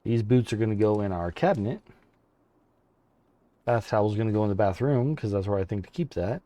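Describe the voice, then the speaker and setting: A man casually commenting while playing a survival game, chatting with friends and often breaking into laughter and high excited yelps. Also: a little fast. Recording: faint game music behind.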